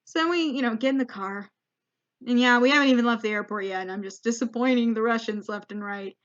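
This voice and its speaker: A woman's voice: on the high side, quick pace, dull audio. A young woman, a comedian, telling a rambling, self-deprecating travel story as a vlog monologue. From United States. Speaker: comedian vlogger.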